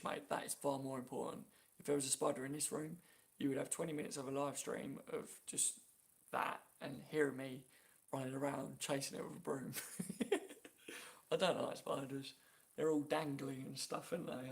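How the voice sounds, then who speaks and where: Gravelly-voiced man chatting on stream. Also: on the high side. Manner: chatty, reads viewer comments aloud, laughs often. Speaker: YouTube live-stream host. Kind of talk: casual live-stream chat. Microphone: phone.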